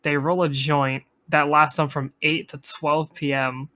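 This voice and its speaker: A man's voice: fairly high pitch, little pitch movement, unhurried, sharp tone. A young man co-hosting a podcast, telling rambling stories in casual chat, swearing freely and laughing often. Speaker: podcast co-host.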